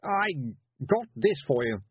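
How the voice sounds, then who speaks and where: A nervous young nobleman, as a man puts him on in a storybook reading, stammering and hesitant, pitched well up with a husky grain. The audio is thin and phone-like. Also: very animated, a little slow, no room sound, exaggerated voice. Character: nervous noble boy, blushing and stuttering. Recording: tinny phone-like dry sound.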